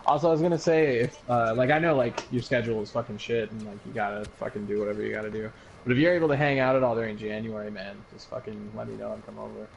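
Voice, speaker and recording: A man's voice: on the low side, steady tone, fast, creaky, muffled recording, slight background noise. A young man chatting casually with a friend, laid-back and agreeable, swearing now and then. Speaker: friend and co-host. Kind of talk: casual chat.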